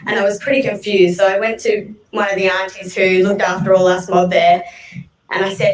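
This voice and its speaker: A woman's voice: medium pitch, level tone, brisk. A woman with an Australian accent telling a personal story to a live audience, with wry, self-mocking humour. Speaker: storyteller on stage. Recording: echoey room, voice distant from mic.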